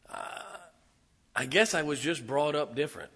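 A middle-aged man preaching a sermon as pastor, telling humorous personal stories in a folksy way and swinging between quiet asides and loud emphatic lines. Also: a little high, expressive, moderate pace, husky.

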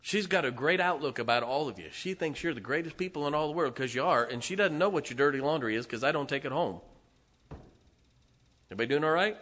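A middle-aged male pastor delivering a sermon in a church, his voice bright and forceful. He talks to the congregation in a loose, conversational way, dropping asides and chuckling between points. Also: medium pitch, expressive, fast. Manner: conversational preaching with laughs and asides.

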